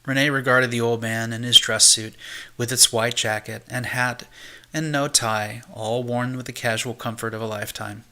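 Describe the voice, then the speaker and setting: Male amateur audiobook narrator, steady and measured, bright voice. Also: mid-range voice, gravelly.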